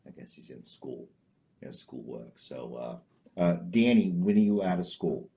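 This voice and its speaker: A man hosting a homemade comedy talk show, rambling and deadpan, constantly hesitating with uh and um. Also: deep voice, normal speed. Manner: hesitant, full of uh and um, restarts. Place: small home studio with green screen.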